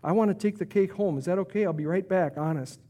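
A man voicing a weary middle-aged woman, hurt but gentle, who speaks in a hesitant, pleading way. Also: high voice, fast. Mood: soft hesitant.

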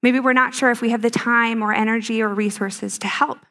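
A woman's voice: on the high side, fairly even intonation, a little fast. Woman giving a playful teaching talk. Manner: warm, playful, full of rhetorical questions. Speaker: speaker at a ministry teaching.

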